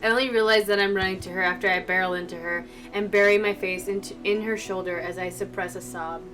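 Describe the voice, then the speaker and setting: A woman's voice: medium pitch, steady tone, fast talker, a bit bright. A woman streamer reading a visual novel aloud, breaking off into emotional, chatty asides to her viewers, from a distant mic with faint music behind.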